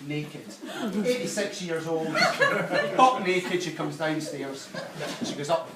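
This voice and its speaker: A man's voice: on the high side, lively intonation, takes it slowly, recorded from a distance, a loud crowd. A middle-aged Scottish man giving a best man speech at a wedding, telling cheeky jokes, heard from afar in a reception hall with guests laughing. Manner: joke-telling, cheeky, sentimental at the close. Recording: echoey hall, from afar, loud noise.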